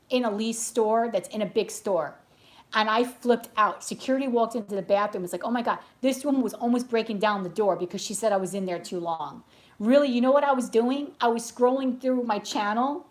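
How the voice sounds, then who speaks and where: A woman tarot reader chatting casually between readings, rambling off on tangents and telling stories bluntly. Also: fairly high pitch. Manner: chatty and animated storytelling, blunt. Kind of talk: casual chat during a live reading.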